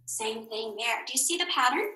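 A woman teacher giving a recorded phonics lesson to young children, slow and encouraging, asking questions and answering them herself. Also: fairly high pitch, lively intonation, pushed and bright. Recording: echoey room.

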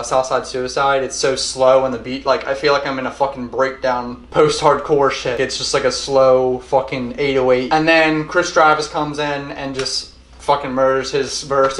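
A man's voice: mid-range voice, a bit bright. Rambling, swearing young male album reviewer. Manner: rambling, heavy swearing, repeats himself. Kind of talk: casual music review monologue. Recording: roomy echo.

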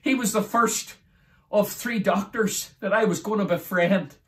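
A man with a Northern Irish accent from Derry, preaching in a fervent testimony style that keeps rising into exclamations. He is emotional and near tears, and his voice sits high. The mic is set some way off, so he sounds distant. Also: measured pace, a bit bright. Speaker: evangelist.

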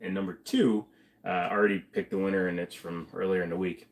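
Feeling queasy, a man hosts a relaxed livestream, chatting away, reading viewer messages aloud, replying, and muttering asides. He speaks briskly in a low-pitched, flat voice.

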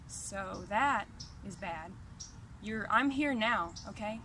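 A woman's voice: mid-range voice, animated, slow pace, pushed and bright, slight background noise. A woman at home, ranting angrily and profanely to her camera in a heated, repetitive, confrontational way. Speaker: vlogger. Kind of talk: angry direct-to-camera rant.

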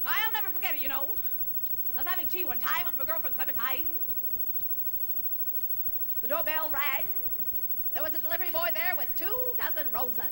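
On a large concert hall stage, a woman in her forties, a singer and comedian, tells bawdy jokes in a brassy, teasing manner during a live stand-up set. Her voice sits high and sharp, at a normal speed with long pauses. The recording is rough, with slight background noise.

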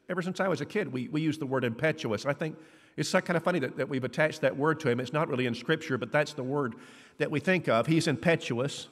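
A man preaches a sermon in a chatty, storytelling way, his pitch sitting a bit high. He leaps higher when he acts out the voices of the people in the story. His words ring out with a long church reverb. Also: a bit bright. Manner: conversational, acts out quoted dialogue with rising pitch. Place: church hall.

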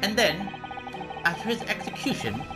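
Man playing earnest young female assistant, raised pitch, game music. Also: big pitch swings, normal speed.

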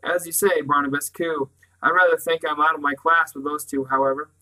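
A brisk, kindly old great-uncle from a storybook, clipped and fond in his speech, as a man reading aloud puts him on. The voice is bright, with a sharp edge. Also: a little high, little pitch movement, low-quality recording. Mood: dry.

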